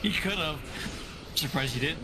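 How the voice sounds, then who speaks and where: Teasing man with animated delivery. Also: fairly high pitch, moderate pace, a crowd in the background. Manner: teasing, laughs often. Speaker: podcast co-host. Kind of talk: casual livestream chat.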